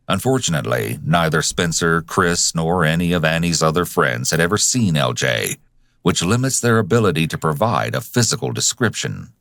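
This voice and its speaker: A man narrating a true crime documentary in a measured, dramatic way. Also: low voice, animated, a bit bright, no echo, clean studio sound.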